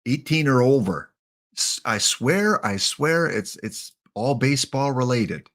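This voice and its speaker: A man giving live-streamed commentary on a game, drawling along at an easy, slow pace. He thinks out loud, half to himself and half to the players he is picking. His voice sits at an ordinary middle pitch. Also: sing-song. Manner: muttering to himself and talking to the players on screen.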